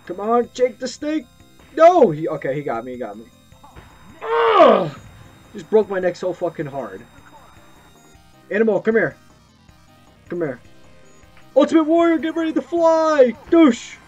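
A young man giving excited gameplay commentary, yelping and swearing as he plays. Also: sits high, measured pace, long pauses, breathy edge. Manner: excitable, yelps and swears at the game. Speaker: gameplay streamer. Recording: muffled lo-fi mic with game music.

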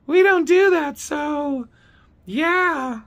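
A man putting on a shrill, whiny voice for a dismissive office clerk who stammers and gets flustered. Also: very slow, gravelly, heavily acted.

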